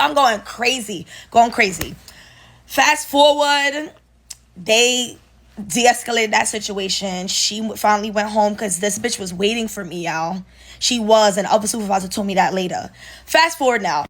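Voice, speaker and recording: A young woman, telling a profane, animated workplace story straight to her viewers. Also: fairly high pitch, moderate pace. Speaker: storyteller vlogger. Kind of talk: casual storytime monologue.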